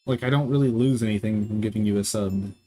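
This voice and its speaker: Quick-paced and mellow, this lowish male voice belongs to a gamer chatting with his live chat as he plays, loose, rambling, joking and swearing. Faint music sits behind him.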